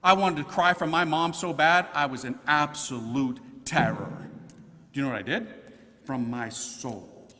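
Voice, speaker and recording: A man's voice: on the high side, normal speed, sharp tone, in a large hall. A man, a priest, telling his conversion story to an audience in an emphatic, slangy way. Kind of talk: conversion testimony talk to an audience.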